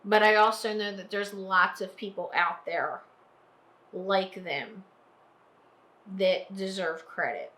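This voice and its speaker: A woman from New Jersey giving a heartfelt vlog monologue, slow and earnest, repeating phrases for emphasis, tearful and emotional. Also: mid-range voice, a bit bright, reverberant. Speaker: trucking vlogger.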